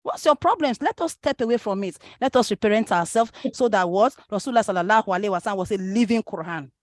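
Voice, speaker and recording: A Nigerian woman speaks quickly and urgently, pressing her listeners with one rhetorical question after another. She mixes Arabic and Yoruba phrases into her English. Her voice sits at a middle pitch and sounds dry and close, with no room echo. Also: animated. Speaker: speaker at a parenting talk. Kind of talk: impassioned religious talk.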